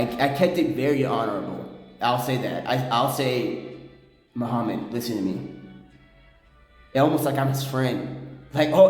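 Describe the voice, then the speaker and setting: A man telling a rambling story to the camera, often dropping into a low, intense tone. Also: heavy reverb, long reverb tail. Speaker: vlogger.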